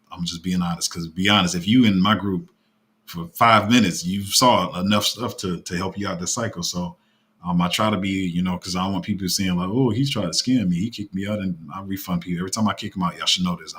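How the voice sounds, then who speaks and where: A man hosting a casual live stream about his paid crypto group, talking in a fairly flat, even tone and rambling with restarts. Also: low-pitched. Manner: rambling, with many fillers and restarts.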